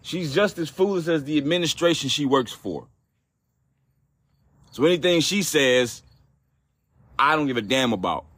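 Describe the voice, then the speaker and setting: A man's voice: mid-range voice, fairly bright tone, dry recording. Podcast host, man, mid-range voice, dry booth sound, profane ranting delivery. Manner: profane, exasperated, repetitive restarts. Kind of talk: ranting solo podcast commentary.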